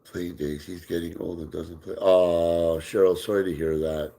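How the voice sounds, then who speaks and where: A man with a somewhat low voice hosts a casual live stream and chats easily with his viewers. He reads out their comments and answers them. Between comments he throws a ball for his dog and drops into soft baby talk with it. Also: steady tone, moderate pace. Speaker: livestream host.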